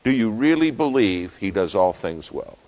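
A man preaching a sermon, telling a story with dramatic swings between loud and hushed. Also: lowish voice, big pitch swings, normal speed.

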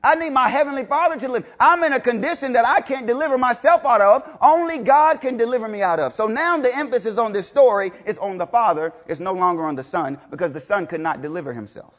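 A man preaching a sermon to a congregation, emphatic and repetitive, swinging between loud declarations and low, intense passages, with rhetorical questions. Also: quick pace, few pauses.

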